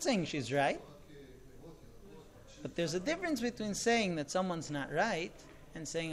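A man preaches in the manner of a rabbi, his pitch swinging widely as he stresses each point. He talks emphatically and keeps throwing rhetorical questions at his listeners. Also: big pitch swings, a little slow, pauses often. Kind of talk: sermon.

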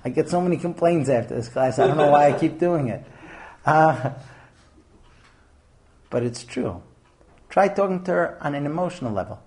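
Male class teacher, animated and lively in pitch, dark mellow tone. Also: moderate pace, long pauses. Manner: animated, acts out scenes in different voices. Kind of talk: lecture to a class.

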